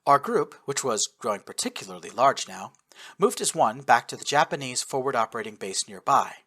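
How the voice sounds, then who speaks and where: A man narrating a first-person war story in an expressive, lively manner. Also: medium pitch. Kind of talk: first-person audiobook narration of fan fiction.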